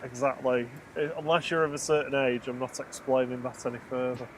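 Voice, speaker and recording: A man's voice: medium pitch, fairly even intonation, a little fast, a little hiss or hum. A man co-hosting a live plane spotting stream, calling out arriving aircraft, reading viewer messages and joking with his partner. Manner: jokey, calls aircraft and reads chat. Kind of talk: casual commentary.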